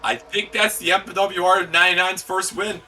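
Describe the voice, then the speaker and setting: A man doing laid-back color commentary for a sim race, reacting with quick exclamations. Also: sits high, little pitch movement, far from the mic, noisy background.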